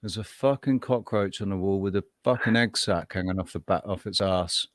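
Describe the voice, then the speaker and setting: A man's voice: deep voice, moderate pace, no room sound, clean studio sound. A man co-hosting a casual chat, telling rambling, profane stories with many restarts. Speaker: co-host.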